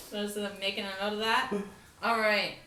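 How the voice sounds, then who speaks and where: A woman's voice: medium pitch, noisy background. A woman player chatting casually at a tabletop game, blunt and chatty. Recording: echoey room, distant mic, faint music.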